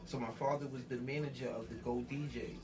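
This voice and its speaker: A mid-range-voiced rapper from New York, guesting on an interview, tells a long story a little fast, full of street slang and animated impressions of everyone he quotes. He is recorded from a distance, over music.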